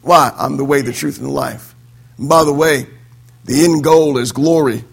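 A middle-aged pastor preaches a sermon with animated delivery, quoting voices and laughing as he swings between loud emphatic declarations and quiet low asides. His voice is gravelly with a breathy edge, at a moderate pace.

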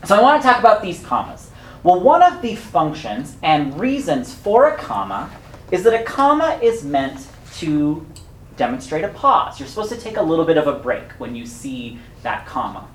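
A woman with a low, lively voice preaches a sermon, explaining each point step by step like a teacher. Her voice swings widely up and down as she stresses key words. The sound carries the echo of a roomy hall. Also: normal speed, a little hiss or hum.

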